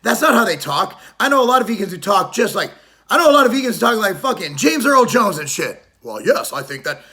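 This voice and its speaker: Brash middle-aged fitness vlogger mid-rant: high, sharp, lively, profane and mocking. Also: male voice.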